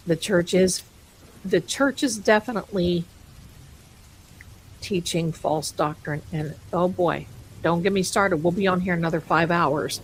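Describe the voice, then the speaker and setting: A woman's voice: on the low side, measured pace, a little hiss or hum, low-quality recording. A woman hosting a live stream, chatting casually and rambling, amused by her own jokes and calling viewers her darlings. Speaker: livestream host.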